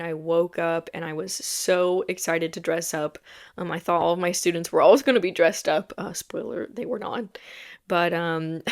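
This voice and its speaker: A young woman telling funny stories in a casual, self-mocking podcast chat, sometimes dropping to a whisper. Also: fairly low pitch. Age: young adult. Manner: chatty, self-mocking, animated storytelling with frequent laughs and dropped whispers. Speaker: podcast host.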